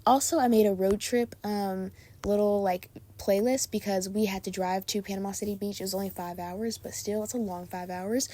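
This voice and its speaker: A young woman hosting her own podcast, chatting in a bubbly, gushing way and peppering her talk with "like" and "oh my God." Her voice is soft and mellow, a little sleepy, with faint noise behind her. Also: mid-range voice, flat delivery, normal speed. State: sleepy and tired. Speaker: podcast host. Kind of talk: casual chat.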